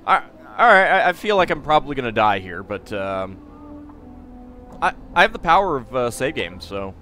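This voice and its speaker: A man giving casual, rambling let's play commentary, full of halting restarts. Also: mid-range voice, big pitch swings, bright, forceful tone, soft background music. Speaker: game streamer.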